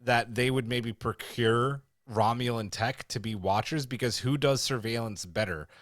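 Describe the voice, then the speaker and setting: A man co-hosting a casual podcast review, animated and quick to laugh, sharing fan theories. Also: medium pitch, no room sound, studio quality. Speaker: podcast co-host.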